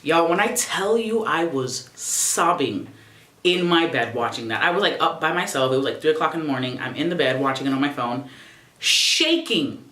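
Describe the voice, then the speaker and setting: Young woman, low voice, animated pitch, sassy and profane, roomy home echo. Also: normal speed, a little hiss or hum. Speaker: YouTuber. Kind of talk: casual reflective vlog.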